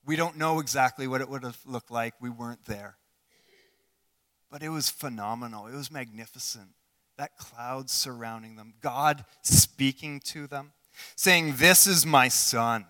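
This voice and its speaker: Bright-voiced preacher in a reverberant hall. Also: male voice, mid-range voice, measured pace. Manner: earnest, asks the listeners questions, swings between loud and hushed. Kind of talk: sermon.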